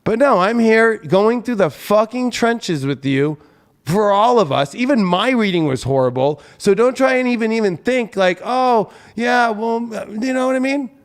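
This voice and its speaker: High-voiced man in an angry livestream rant. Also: animated, moderate pace, clean tone. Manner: angry, profane, heated. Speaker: astrologer and tarot reader hosting his channel.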